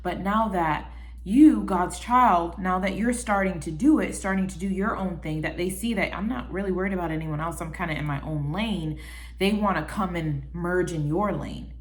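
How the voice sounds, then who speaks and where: Woman vlogger, casual talk to camera, chatty and animated, acts out quotes. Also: fairly low pitch, moderate pace. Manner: chatty, animated, quotes people in little voices; calls the listener baby. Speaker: vlogger giving life advice.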